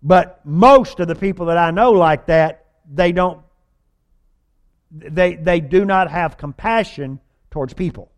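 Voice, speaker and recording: A man's voice: high-pitched, unhurried. A man preaching a sermon with a folksy, humorous delivery, acting out whiny voices with exaggeration.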